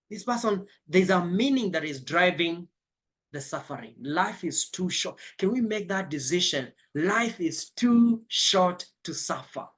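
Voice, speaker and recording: A man's voice: high-pitched, fairly bright tone. A man giving a motivational life coaching session, emphatic and spiritual, repeating his key phrases.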